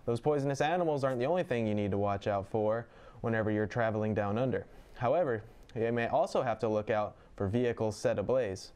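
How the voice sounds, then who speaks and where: A man's voice: on the low side, quick pace, darkish tone, clean tone. A young man co-hosting a podcast, reading odd news stories in an easygoing, chuckling way. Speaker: co-host reading news items. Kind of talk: casual news chat.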